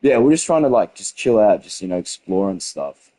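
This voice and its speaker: In a dry, low-quality recording, a late-teen Australian gaming streamer speaks in a low, dark, sing-song voice at a fairly quick clip. He rambles heatedly through casual stream chat, swearing and restarting often.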